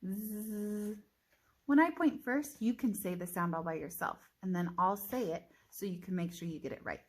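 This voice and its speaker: A woman teacher giving a phonics reading lesson, sounding out words slowly and deliberately with encouraging praise. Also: on the low side, animated, a little mellow.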